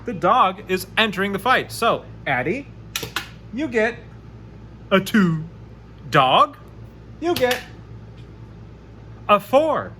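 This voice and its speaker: A man narrating a solo tabletop game, chatty and animated as he rolls dice aloud. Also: high voice, takes it slowly, pauses often, slight background noise. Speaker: game master playing solo.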